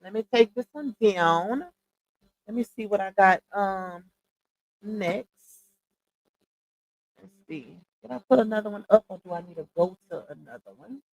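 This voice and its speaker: A livestream commentary host speaks a little slowly in a mid-range voice, with long pauses, on a rough recording. She's chatty and casual, calls her viewers y'all, and frequently stops to dig up screenshots.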